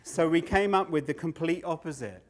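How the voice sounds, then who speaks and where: A man's voice: on the high side, moderate pace. An older man telling stories on stage, loose and sweary, often laughing at his own tales. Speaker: storyteller and comedian. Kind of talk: live standup storytelling.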